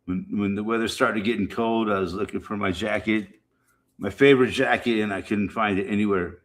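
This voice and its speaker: A man's voice: on the low side, fairly even intonation, fairly quick. A middle-aged man chatting casually and rambling to his stream viewers, swearing freely and repeating himself. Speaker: livestream host.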